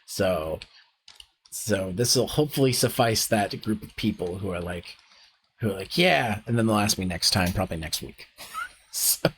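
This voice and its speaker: A man's voice: fairly low pitch, lively intonation, moderate pace, fairly bright tone, slight background noise. A man hosting a casual stream chat, joking and hesitant with frequent fillers. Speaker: streamer host.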